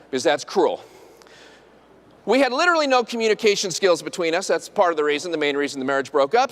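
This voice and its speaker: A middle-aged man, a dentist, telling a funny self-deprecating story on stage and acting out the quotes. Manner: self-deprecating, animated, acts out quotes in high voice. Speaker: dentist and speaker. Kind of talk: humorous storytelling talk.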